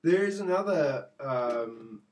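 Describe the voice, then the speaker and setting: A man co-hosting a podcast, retelling scenes in an enthusiastic, animated, casual chat. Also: medium pitch, slow pace, recorded from a distance. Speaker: podcast co-host.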